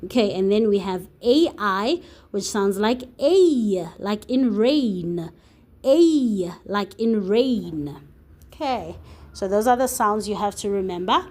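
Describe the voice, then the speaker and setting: Slow, patient woman phonics tutor. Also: medium pitch, animated, a little mellow. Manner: slow, patient, clearly sounding out letters. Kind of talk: phonics lesson for young children.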